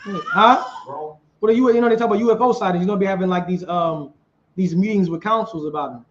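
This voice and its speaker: Animated high-voiced street preacher, a man. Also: brisk, muffled recording. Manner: animated, questioning the crowd.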